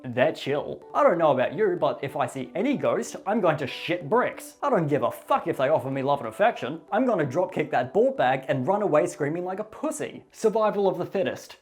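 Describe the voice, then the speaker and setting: A woman with a low voice delivering a sarcastic, crude comedy recap. Her pitch roams widely as she lands deadpan jokes. Faint music plays under her. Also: fairly quick, few pauses. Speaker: YouTuber.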